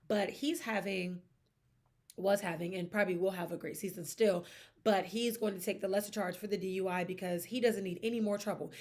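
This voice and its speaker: A young woman hosting a sports podcast, talking in a chatty, expressive way with emphatic asides. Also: mid-range voice. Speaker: podcast host. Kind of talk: casual sports gossip chat.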